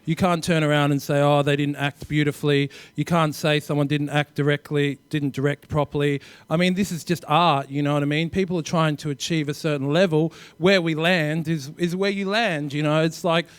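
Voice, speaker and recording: An Australian man, a film director on a discussion panel, argues his case emphatically and fills it with casual fillers. His voice sits high and sounds smooth and resonant. The recording is dry and close. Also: fairly even intonation, brisk, few pauses, dry recording. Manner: emphatic, argumentative, lots of fillers.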